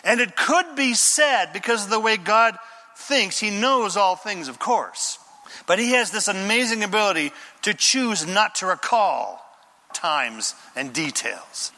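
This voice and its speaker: A man's voice: sits high, expressive, a little slow, bright, forceful tone, in a large hall. A man preaching a sermon as pastor, telling a story with sound effects and little character voices.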